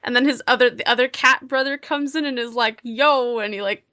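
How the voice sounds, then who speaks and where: High-voiced woman, blunt and laughing. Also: sharp tone. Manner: blunt, swearing, quick to laugh. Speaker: podcast co-host. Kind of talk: casual chat.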